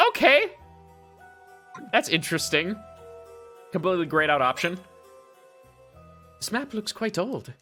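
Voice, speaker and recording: A man streaming a game who chats casually and reads on-screen text aloud. His pitch is slightly high and bounces around. Soft music plays in the background. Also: very animated, unhurried, pauses often. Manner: chatty, amused asides. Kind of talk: casual game commentary and reading.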